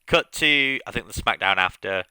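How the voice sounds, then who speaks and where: A man's voice: on the low side, expressive, normal speed, sharp tone, smooth, no room sound. A man streaming a game, recapping at length in casual commentary, with frequent fillers and restarts.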